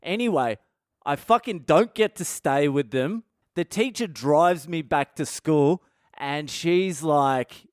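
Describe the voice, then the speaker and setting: A man's voice: a little high, slow, clear, resonant tone, no echo. Male podcast host, swears freely and laughs through his story, close dry sound. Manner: profane, candid, laughs at his own story. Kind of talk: casual storytelling monologue.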